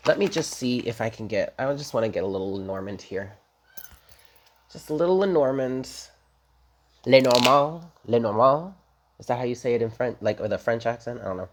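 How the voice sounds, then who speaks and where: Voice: mid-range voice, quick pace, hardly any pauses, darkish tone, a little hiss or hum. A tarot reader giving a casual daily reading, talking straight to viewers in a chatty, emphatic and blunt way with casual swearing.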